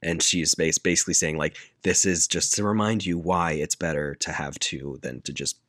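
A man with a very deep voice walks a friend through a film's plot in a casual chat. He quotes the characters in a flat deadpan and laughs easily. The recording is dry and close, with no room sound. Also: moderate pace, no room sound. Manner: laid-back storyteller, deadpan quoting, laughs often. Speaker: podcast co-host retelling a movie.

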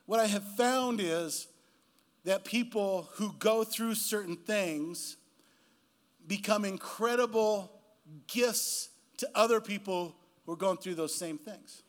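High-voiced preacher in his fifties. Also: unhurried. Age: 50s. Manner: animated storytelling preacher who acts out quoted voices. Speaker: guest pastor. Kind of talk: sermon. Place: church.

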